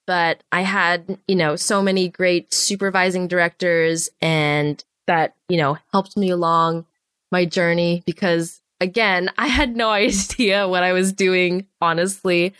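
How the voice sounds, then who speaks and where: A woman's voice: on the low side, a little slow, smooth, no room sound, studio quality. A woman in her twenties, a storyboard artist, chatting casually in an interview and animatedly acting out the voices of people in her stories. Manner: animated, acts out quoted voices.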